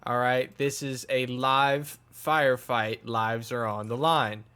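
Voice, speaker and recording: A man's voice: medium pitch, a bit bright. A man hosting a gaming channel, giving sarcastic, wry commentary over his own gameplay.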